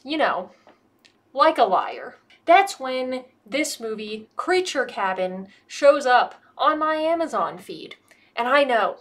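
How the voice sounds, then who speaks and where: A woman's voice: fairly high pitch, very animated, a little slow, a bit bright. Sarcastic, cursing American woman. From United States. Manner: sarcastic, profane, rambling. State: a bit tipsy. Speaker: movie reviewer. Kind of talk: casual comedic movie commentary.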